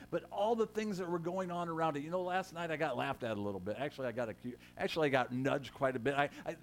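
A man with a slightly higher voice delivers a conversational sermon in a church, teasing members of his congregation and building to emphatic moments. A faint hum sits under the recording. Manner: conversational preaching, rising to emphatic quotes, joking with the congregation. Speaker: pastor.

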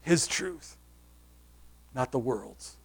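A man preaching a sermon, pressing his listeners with repeated rhetorical questions and sinking to a soft, quiet close. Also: medium pitch, animated, extremely slow, vocal fry, slightly rough.

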